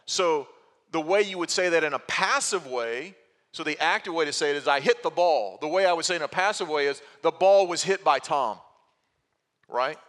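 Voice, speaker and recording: A pastor preaches a teaching sermon at a moderate pace, moving through a scripture passage while posing rhetorical questions and occasionally restarting a phrase. He has a bright, slightly high voice, with long hall reverb around it.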